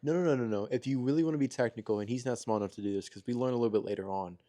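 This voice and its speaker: A man's voice: medium pitch, rapid-fire, dark tone. A man guesting on a casual podcast, giving blunt, emphatic opinions about a horror movie.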